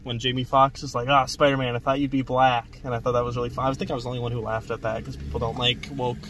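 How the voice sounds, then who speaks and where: A man's voice: mid-range voice, flat delivery, very fast, a bit bright. A man hosting a casual movie review chat in a restaurant, rambling and swearing often. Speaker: host. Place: fast food restaurant.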